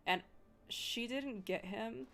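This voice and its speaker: A woman's voice: a little high, slow pace, a bit bright, faint music behind. A young woman streamer chatting casually and rambling with lots of fillers and giggles. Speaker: vtuber streamer. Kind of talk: casual chat with viewers.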